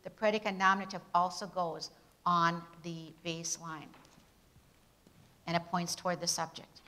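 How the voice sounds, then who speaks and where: A woman leads a grammar lesson built on Bible verses. Her voice is bright and clear, and she keeps calling out questions to her class and answering them herself. She gives the key words firm emphasis. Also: fairly low pitch, poor audio.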